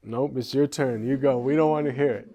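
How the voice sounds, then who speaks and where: A man's voice: mid-range voice, fairly even intonation, fairly quick, dark tone, lightly acted. A man doing impatient jungle animals. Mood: dismissive. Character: fearful jungle animals speaking together.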